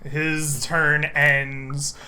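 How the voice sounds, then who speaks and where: A man running a tabletop game as game master, narrating animatedly with shouted sound effects. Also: fairly high pitch, level tone, very slow.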